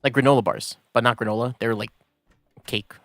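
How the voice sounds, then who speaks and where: A man's voice: mid-range voice, steady tone, a little fast, gravelly, a bit bright, no echo, faint music behind. Laid-back rambling male streamer. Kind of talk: casual gaming stream chat.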